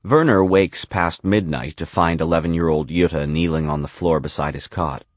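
A man narrating a novel in a calm, even storytelling voice. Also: low-pitched, moderate pace, dry recording, clean studio sound. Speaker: audiobook narrator. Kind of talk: scripted narration.

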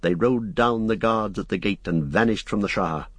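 A man with a lowish voice narrates an audiobook from a script in a measured, even storytelling style. The recording is dry.

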